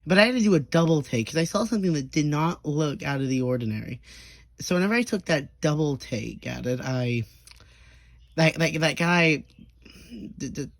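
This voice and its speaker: This young man's voice runs on the high side with lively intonation and a slightly fast pace, recorded dry. His casual, profane story wanders, full of stammers and restarts, and he acts out quoted people in quick bursts.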